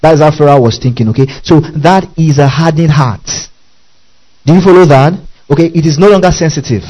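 A man's voice: on the high side, brisk, warm tone, rough recording. A man preaching a Bible-study sermon, repeating key words, spelling out Greek terms and often checking in with his listeners.

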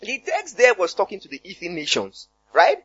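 Animated Nigerian pastor, high, lively voice. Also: male voice, moderate pace, slightly rough, lo-fi sound. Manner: animated, conversational preaching, punctuated by hallelujahs. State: voice cracking. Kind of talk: sermon.

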